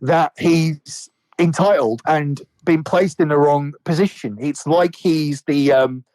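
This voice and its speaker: A man's voice: fairly high pitch, slow pace, darkish tone, dry recording, poor audio. A man in casual podcast chat about wrestling, rambling and swearing a lot with many restarts. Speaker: podcast co-host.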